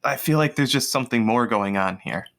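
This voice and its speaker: A man's voice: mid-range voice, animated, fairly quick, vocal fry, fairly bright tone. A man playing a tabletop game in character, speaking politely and earnestly with stammering restarts. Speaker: player. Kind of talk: in-character tabletop role-play.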